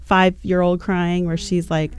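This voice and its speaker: A woman on a podcast telling an animated, chatty story, with plenty of fillers. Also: fairly low pitch, measured pace, smooth. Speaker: podcast guest.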